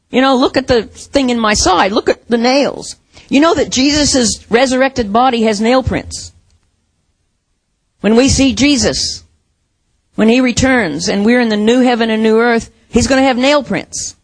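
A middle-aged woman preaching a sermon, expressive, with soft dramatic pauses. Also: a little high, no echo.

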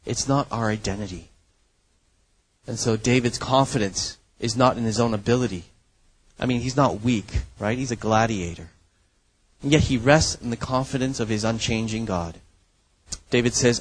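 A man's voice: mid-range voice, moderate pace, husky, low-quality recording. A man preaching a sermon as pastor, earnest and emphatic, often checking in with the listeners. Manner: earnest, emphatic preaching with frequent "right?" asides.

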